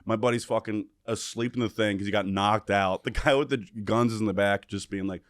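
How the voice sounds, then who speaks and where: Low-voiced man telling a wild story. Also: brisk, no echo, clean studio sound. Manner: animated, profane, acts out quotes. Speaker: podcast guest. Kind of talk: casual storytelling.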